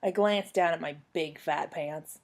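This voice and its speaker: A young woman reading a children's book aloud at home on her couch, telling the story to a former student with lively expression. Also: low voice, a little slow, vocal fry.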